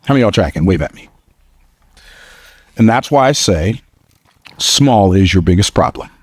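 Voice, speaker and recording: Lively man giving a motivational speech. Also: moderate pace, breathy edge, no room sound, clean studio sound. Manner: storytelling, energetic, slips into a high squeaky voice for quotes; plain-spoken and joking, repeats phrases for emphasis. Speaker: motivational speaker. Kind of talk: motivational speech to a live audience.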